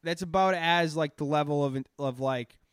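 A man's voice: fairly high pitch, moderate pace, clear, resonant tone, dry recording, clean studio sound. A man with a Boston accent co-hosting a podcast in crude, profane, rambling casual chat. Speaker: podcast co-host.

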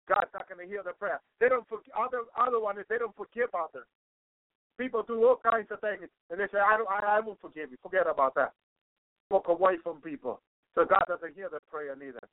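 A man's voice: high-pitched, no room sound. A man preaching on a radio program, fervent and repetitive, constantly breaking in with praise-the-Lord interjections. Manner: repeats and restarts phrases for emphasis. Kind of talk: radio sermon. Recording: narrow phone-like radio line.

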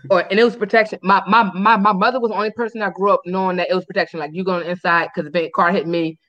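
A woman co-hosting a podcast, telling a dating story in casual chat, candid and animated with frank profanity. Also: on the low side, racing, lo-fi sound. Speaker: podcast co-host.

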